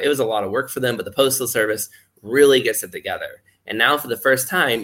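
Podcast guest, male, lowish bright voice, rambling filler-heavy storyteller. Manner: acts out quoted voices while explaining. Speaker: guest speaker. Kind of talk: casual podcast chat.

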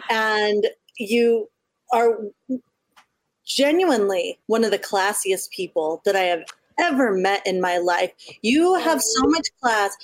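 A woman co-hosting a podcast in casual chat, effusive and quick to laugh, swearing freely. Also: mid-range voice, no room sound. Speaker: podcast co-host.

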